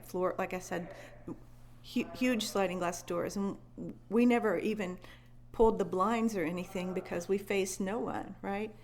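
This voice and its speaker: Animated woman telling an eerie story. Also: medium pitch, slight background noise. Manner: animated, restarts and repeats words, acts out her own thoughts. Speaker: conference attendee telling an encounter story. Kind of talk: emotional first-person storytelling. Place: conference venue.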